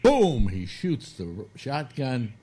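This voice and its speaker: A man with a low voice tells a rambling joke on a casual talk show. He swings his pitch widely as he acts out quotes. Faint noise sits behind him. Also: measured pace. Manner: animated joke-telling with acted quotes, crude. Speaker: host telling a joke. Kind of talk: casual radio chat, storytelling.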